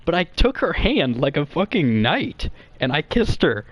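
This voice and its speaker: A young man telling a comic story to friends in a rambling, profane, excitable way. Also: a little high, a little slow, no echo.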